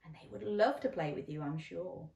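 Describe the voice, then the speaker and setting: A woman reading a bedtime story to children, animated and coaxing, asking them questions. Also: lowish voice, normal speed, gravelly. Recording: roomy echo, mic at a distance.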